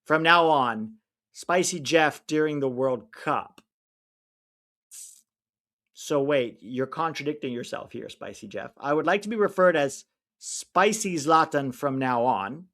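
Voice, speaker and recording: Here the watch-along host's voice sits a little high with a fairly bright tone, animated but a little slow. He chats casually, reads viewer comments, rambles, and gives easy opinions while often losing track of names mid-sentence, all in an opinionated, easygoing way.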